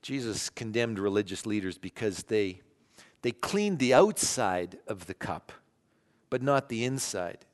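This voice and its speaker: Pastor preaching in a reverberant hall. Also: male voice, animated, unhurried. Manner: earnest preaching, shifting between loud emphasis and hushed lows. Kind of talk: sermon.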